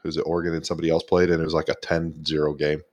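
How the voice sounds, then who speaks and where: A man's voice: a bass voice, little pitch movement, racing, a little mellow. A man co-hosting a casual sports betting podcast, blunt and profane, laughing often. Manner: blunt, swears freely, laughs a lot. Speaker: podcast co-host.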